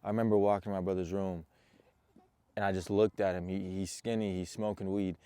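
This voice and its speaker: A man's voice: on the low side, mellow, dry recording. A young man, a motivational coach, talking earnestly and intensely straight to his viewers. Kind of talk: personal motivational talk to camera.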